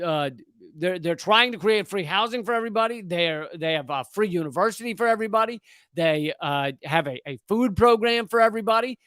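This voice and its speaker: With no echo in the recording, a high-pitched man with a fairly bright tone tears into a news article he reads aloud. He's an American comedian and political commentator, and his reaction is profane, sarcastic and exasperated.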